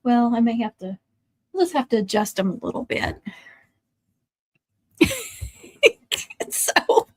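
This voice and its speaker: A woman's voice: on the high side, measured pace, pauses often, dry recording. Chatty woman livestreaming from home. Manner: chatty, laughs often, talks to her dogs. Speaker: livestream host. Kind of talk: casual livestream chat. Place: home, in the country.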